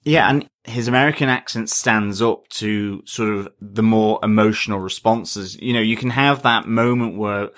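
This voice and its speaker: A man's voice: on the low side, normal speed, hardly any pauses, fairly bright tone. A man co-hosting a podcast, reviewing a movie in an earnest, thoughtful way with some hesitations. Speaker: podcast co-host. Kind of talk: casual movie review chat.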